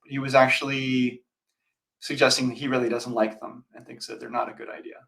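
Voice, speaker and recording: A man's voice: mid-range voice, little pitch movement, brisk, creaky, fairly bright tone, rough recording. A man co-hosting a real estate show in casual chat, rambling with fillers and restarts. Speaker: real estate agent, co-host.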